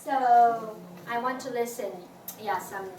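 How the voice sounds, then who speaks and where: A woman leads a class in a high, unhurried voice. She restarts her phrases often and sings out tones for students to repeat. The sound is distant and echoey, with steady room noise behind her. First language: Mandarin Chinese. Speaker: Chinese language teacher. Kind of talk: classroom teaching, call and response. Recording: echoey classroom from far off, noisy.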